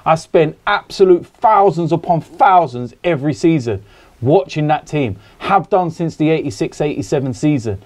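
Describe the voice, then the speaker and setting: A man's voice: fairly high pitch, expressive, moderate pace, darkish tone. A man from England in a casual podcast chat, talking bluntly and passionately and swearing freely. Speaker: podcast guest.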